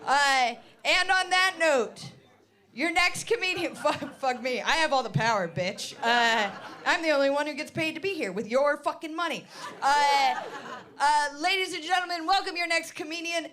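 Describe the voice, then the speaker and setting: A woman's voice: high-pitched, normal speed, pushed and bright. A woman compering a comedy night, teasing and bossing the audience with sweary banter before she introduces the next act. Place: comedy club stage.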